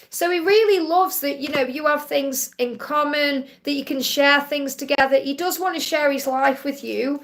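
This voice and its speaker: A woman's voice: high-pitched, normal speed, few pauses, slight background noise. A woman hosting a live card-reading Q&A, chatty and soothing, often checking in with "okay?". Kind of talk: live-stream tarot reading.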